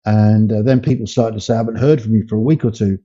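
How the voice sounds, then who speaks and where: An older man, a podcast guest in a conversational interview, speaks emphatically, his pitch rising whenever he makes a point. His voice is fast, steady, mellow and husky, heard through muffled, lo-fi video-call audio.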